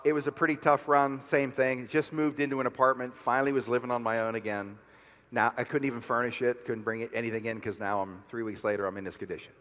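A man telling a personal story to a crowd in a motivational speech, growing fiery and shouting by the end. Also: medium pitch, long reverb tail. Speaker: speaker at a rally.

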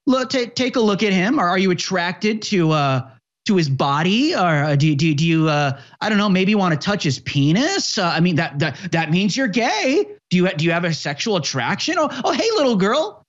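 Sly creepy teacher put on by a man, high-pitched and stammering, recorded on dull lo-fi audio. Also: big pitch swings, normal speed. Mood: mocking. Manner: leering, stammering, pushy questions. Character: sly adult male teacher grooming pupils.

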